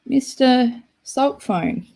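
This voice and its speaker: A woman's voice: sits high, expressive, extremely slow, gravelly, dark tone, breathy edge. A woman hosting a live stream, chatting casually and rambling with lots of "like" and giggles. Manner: rambling, giggly, full of "like" fillers.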